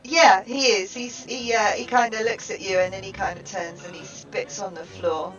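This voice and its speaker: A woman narrating a tabletop game as game master, halting with many fillers. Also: mid-range voice, fairly even intonation, a bit bright. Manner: halting, full of fillers and laughter. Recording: distant dull recording with music.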